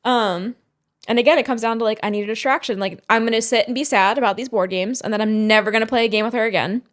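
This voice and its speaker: A woman's voice: a little high, racing. A young woman as a podcast guest, chatting candidly and rambling through personal stories with many fillers. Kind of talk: casual chat.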